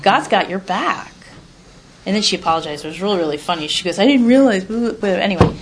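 A woman's voice: on the low side, fairly quick, noisy background. A woman sharing a candid personal testimony in a blunt, rambling way, casually swearing and telling her story with animation.

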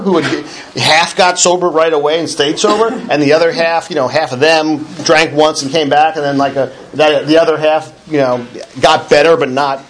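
Fairly high-voiced middle-aged man telling his story. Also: slight background noise. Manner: conversational storytelling with frequent restarts; wry self-deprecating humor. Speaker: recovery meeting speaker. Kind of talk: personal recovery talk.

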